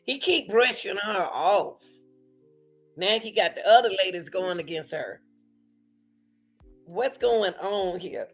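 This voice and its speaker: A woman's voice: medium pitch, animated, faint music behind. A woman hosting a casual commentary show, talking to her viewers in an emphatic, chatty way. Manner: slow, emphatic, laughing asides, talks to viewers. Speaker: commentary channel host.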